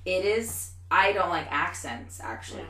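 A woman hosting a podcast, asking blunt, quick questions in casual chat. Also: fairly low pitch, animated, a bit bright, roomy sound, distant mic. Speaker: podcast host.

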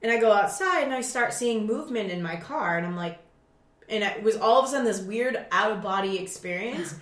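A woman telling a story in a casual chat, profane and animated, acting out her own shouting. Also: medium pitch, a little fast. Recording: roomy echo.

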